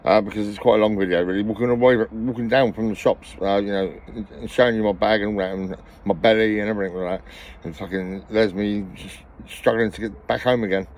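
Breathless rambling man, fast talk. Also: fairly low pitch, steady tone, a little mellow, a little hiss or hum. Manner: rambling, swears constantly, repeats himself. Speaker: vlogger. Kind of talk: rambling personal vlog.

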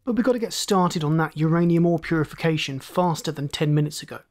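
Storyteller putting on a grim first mate, crisp, commanding, urgent, audiobook reading, middle pitch. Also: fast talker, darkish tone, natural voice.

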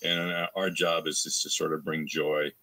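A man's voice: flat delivery, moderate pace, crowd noise. A man from Canada, a voice actor answering interview questions in a rambling, casual way, full of restarts and fillers. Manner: acts out quoted fans in a higher voice. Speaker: voice actor guest.

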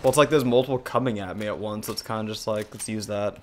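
A young man co-hosting a gaming channel, thinking out loud and swearing freely as he plays. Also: fairly low pitch, quick pace, a little hiss or hum. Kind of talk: casual gameplay commentary.

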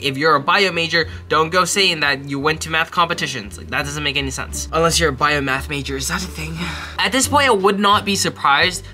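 This is a young man from Texas with a slightly high voice that has a sharp, bright edge. He talks to camera in an animated, self-mocking way and often mutters asides under his breath. Faint music plays behind him. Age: young adult. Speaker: college student giving essay advice. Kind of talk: casual advice vlog.

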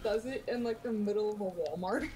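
A woman chatting casually with a streamer over a voice call, teasing and giggling. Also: medium pitch. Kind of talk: casual chat during a game stream.

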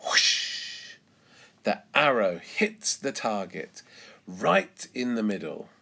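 A male English teacher reads a children's picture book aloud to young learners. He speaks slowly and carefully, letting his voice swoop widely in pitch to keep the story lively. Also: creaky. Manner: expressive, slow, careful read-aloud.

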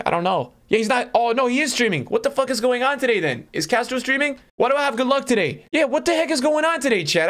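A male streamer giving live-stream commentary to his chat, excitable and swinging between hype and letdown with plenty of fillers. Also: a little high. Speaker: streamer opening game packs.

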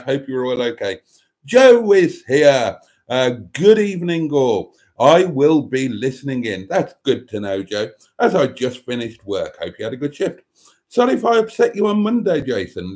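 A man's voice: medium pitch, a little mellow. Rambling man reading chat. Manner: wry and rambling, many hesitations and chuckles. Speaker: live stream host. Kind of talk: casual live stream chat, reading out viewer comments.

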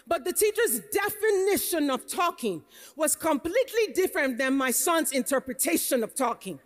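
A Nigerian American woman preaches a sermon in a high, bright voice. She tells stories and climbs into emphatic declarations. The sound carries a long hall reverb from the conference venue. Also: expressive, moderate pace, soft background music. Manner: storytelling, rising to emphatic preaching. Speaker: pastor.

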